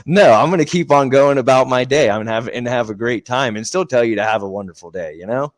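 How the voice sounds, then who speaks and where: A man's voice: mid-range voice, quick pace, no echo. A young American man talking earnestly in a casual interview, rambling with lots of fillers. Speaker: guest, slap fighting competitor.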